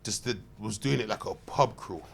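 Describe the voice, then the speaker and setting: A man, telling loud, slang-heavy, swearing stories as a podcast guest. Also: fairly low pitch, moderate pace, vocal fry, a little hiss or hum. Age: 30s. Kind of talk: animated anecdote telling.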